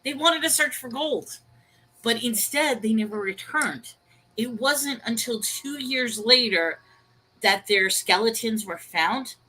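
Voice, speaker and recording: A woman co-hosts an online talk show, telling stories with lively, chatty energy. Her voice sits a little high and sounds bright and forceful. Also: takes it slowly, a little hiss or hum, rough recording. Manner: animated storytelling, chatty. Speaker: co-host. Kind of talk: casual online chat.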